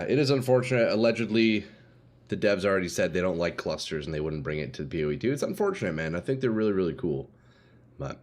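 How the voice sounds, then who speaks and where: A man streaming casually, chatting to his viewers in a laid-back, slangy way and calling them dude and boys. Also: fairly low pitch. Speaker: game streamer. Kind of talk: casual livestream chat.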